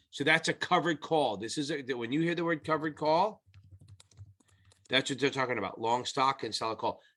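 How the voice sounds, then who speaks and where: A man's voice: medium pitch, sharp tone. A middle-aged man teaching exam prep in a casual, blunt and profane way, rambling through his explanations. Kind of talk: casual whiteboard lesson.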